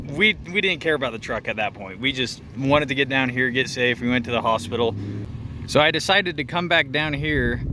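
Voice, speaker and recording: A man's voice: mid-range voice, background noise. A young man telling a story while hiking outdoors on a rocky trail, laughing often and out of breath. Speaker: vlogger. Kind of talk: casual storytelling vlog.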